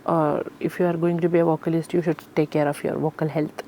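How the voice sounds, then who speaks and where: Woman, classical singer being interviewed; low-set voice, halting and sincere. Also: level tone, warm tone, a little hiss or hum. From Kerala, India. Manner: earnest, explanatory, many fillers. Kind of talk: interview answers.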